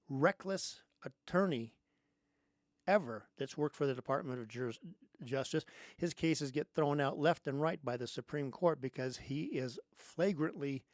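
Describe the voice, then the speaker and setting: A man's voice: on the high side, a little mellow, no room sound. A man hosting his own show, giving an angry, sarcastic political monologue straight into a close microphone. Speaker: host.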